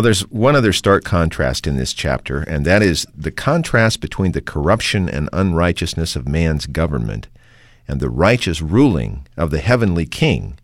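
A man hosting a radio discussion of a sermon with a polished, announcer-like delivery. His voice sits very low, and the recording is dry and close. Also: dry recording. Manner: polished, announcer-like, leading questions. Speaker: radio program host.

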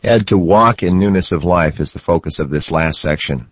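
A male host with a very low, husky voice who reads his lines in a calm, measured way. The sound is close and dry, with a dull lo-fi edge. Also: dry recording. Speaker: radio program host. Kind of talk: scripted radio hosting.

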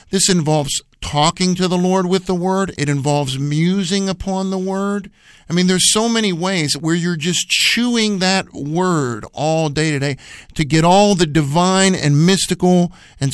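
A man's voice: on the high side, clean tone, dry recording, clean studio sound. A man co-hosting a radio Bible program, teaching in an earnest, emphatic, repetitive preacher's manner.

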